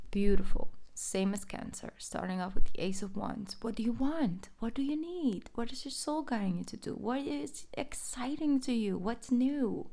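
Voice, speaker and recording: A woman's voice: a little high, gravelly, a little mellow. A woman giving a casual tarot reading, chatty and rambling, often laughing as she talks. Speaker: tarot reader.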